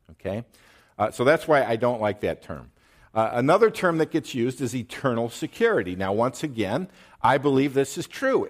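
A man preaching a teaching sermon, stressing words and pausing to check in with his listeners. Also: mid-range voice. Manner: emphatic, pauses to drive points, checks in with "okay?". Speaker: pastor.

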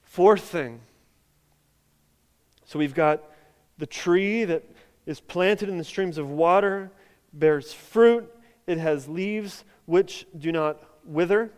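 A man's voice: high-pitched, takes it slowly, long pauses, a little mellow. A man preaching a sermon as pastor, talking conversationally with lots of "like" and building to emphatic peaks. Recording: long hall reverb.

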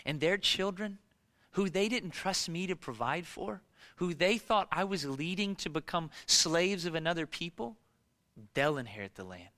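A man voicing God as a stern, exasperated deity, dropping lower and quieter than his preaching voice. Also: animated, moderate pace, exaggerated voice. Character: weary, stern God, a male deity pronouncing judgment.

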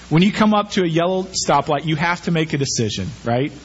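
Male pastor, somewhat high voice, lively conversational preaching, muffled lo-fi sound. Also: moderate pace, husky. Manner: animated preaching with rhetorical questions. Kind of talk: sermon.

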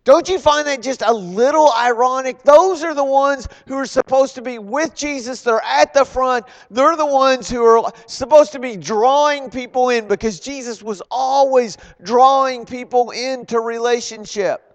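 A man preaching a sermon, animated and questioning his listeners. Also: very high voice, moderate pace, few pauses. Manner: animated, acts out quoted voices, loud emphatic bursts; asks the congregation questions.

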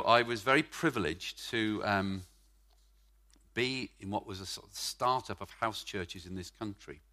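A middle-aged man preaching a sermon at a church service, emphatic, stretching key words and swinging from loud to quiet. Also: lowish voice.

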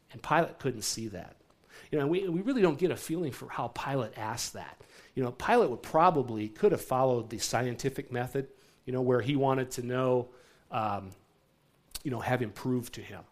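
A man's voice: medium pitch, animated, normal speed. Conversational male pastor preaching. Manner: conversational, asks the congregation "right?" often. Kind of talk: sermon.

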